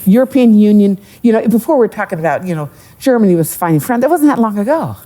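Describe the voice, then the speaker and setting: With a medium-pitched voice and a fast delivery, a middle-aged woman who works as an economic development executive spins animated stories on a live podcast before an audience, tossing in jokes and side comments.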